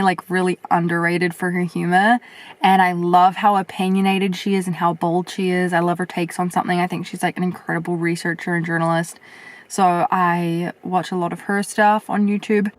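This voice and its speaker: A young woman vlogging casually as she answers viewer questions, chatty and reflective, with lots of fillers and a voice that turns a little husky at times. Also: fairly low pitch, dry recording. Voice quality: sometimes husky. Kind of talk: casual chat.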